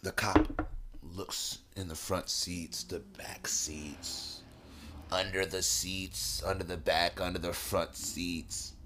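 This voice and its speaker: A man's voice: low-pitched, takes it slowly, background noise. A young man hosting a podcast, telling a story in slangy, profane casual talk and acting out the voices of the people in it. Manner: animated, acts out voices, swings from hushed whispers to loud excitement. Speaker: podcast host.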